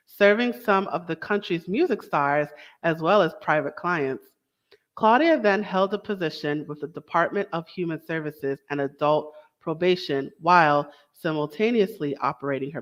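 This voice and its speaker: A young woman hosting a casual talk show, chatty and enthusiastic, with small asides and self-corrections. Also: lowish voice. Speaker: host. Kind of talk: casual podcast introduction.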